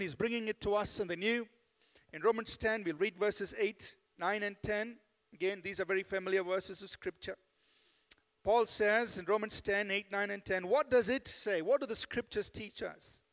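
A man's voice: high voice, fairly bright tone. A man preaching a sermon as pastor, asking the congregation for amens and leading them in a spoken declaration. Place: church sanctuary. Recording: long hall reverb.

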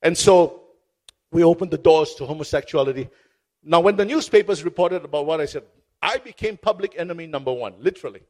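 Pastor, male, high-pitched, impassioned sermon storyteller who repeats key phrases. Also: a little fast, a little mellow. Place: stage before a congregation.

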